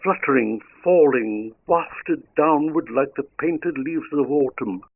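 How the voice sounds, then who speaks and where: A man narrating a long narrative poem aloud in a measured, rhythmic reading. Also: a little high, gravelly. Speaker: audiobook narrator. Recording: narrow phone-like lo-fi sound.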